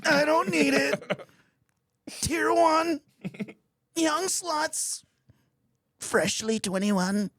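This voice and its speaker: A man putting on a high, squeaky, strained voice as himself fighting off temptation. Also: drawn-out words, long pauses, a bit bright, exaggerated voice. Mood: straining.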